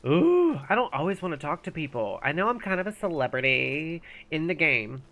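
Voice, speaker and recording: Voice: medium pitch, lively intonation, brisk, bright, forceful tone. A gaming streamer chatting casually while playing, thinking aloud and sometimes mumbling. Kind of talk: casual live-stream commentary.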